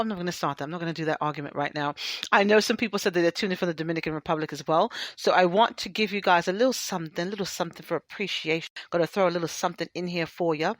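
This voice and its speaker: Laid-back woman radio DJ, low voice. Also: very fast, no room sound, clean studio sound. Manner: loose, candid, thinking aloud and reading out plans. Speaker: radio show host and DJ. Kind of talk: casual radio talk between songs. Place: radio studio.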